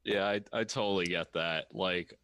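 A man co-hosting a podcast in casual chat, laid-back and quick to laugh. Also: low voice, steady tone, a bit bright, clear, resonant tone, no room sound. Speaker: podcast co-host.

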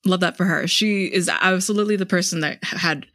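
A bright, sharp-edged voice belongs to a podcast co-host who laughs easily and stumbles a little when reading notes aloud. The sound is close and dry. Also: medium pitch, a little fast, no room sound. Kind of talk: casual comedic chat.

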